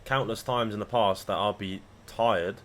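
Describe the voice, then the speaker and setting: A man's voice: on the low side, steady tone, moderate pace, a bit bright. A man chatting casually on a livestream, rambling and swearing freely as he talks to his viewers. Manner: rambling, profane banter. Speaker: live trading streamer.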